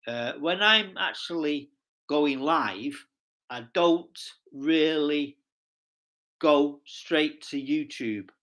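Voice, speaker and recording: A man's voice: on the high side, sharp tone. An English man chatting casually on a live stream, rambling cheerfully and talking to his viewers in the chat. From England. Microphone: streaming setup mic.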